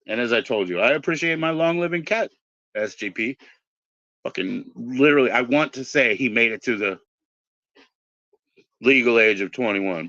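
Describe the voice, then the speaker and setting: Bright-voiced man rambling, swearing freely. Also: medium pitch, dry recording. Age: 40s. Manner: meandering, profane, tangents. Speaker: podcast host. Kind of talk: rambling casual chat. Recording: dull lo-fi dry recording.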